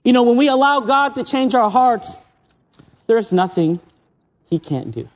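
This is an American man in his fifties preaching from a stage. His voice is fairly high for a man and swings widely in pitch. He tells stories in a chatty way and often stumbles over repeated words. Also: expressive, measured pace. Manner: conversational storytelling, repeats words. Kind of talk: sermon. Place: stage under spotlights.

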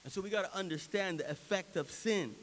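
A man preaching a sermon, moving from quiet reflection to loud, emphatic preaching. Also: high voice, a little fast, in a large hall, a little hiss or hum. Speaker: pastor.

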